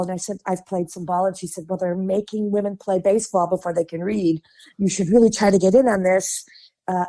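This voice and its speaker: A woman from Chicago with a Midwestern accent, a guest on a podcast, telling chatty and animated stories, laughing often and acting out the voices of people she quotes. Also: medium pitch. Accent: Midwestern American. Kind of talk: casual interview storytelling.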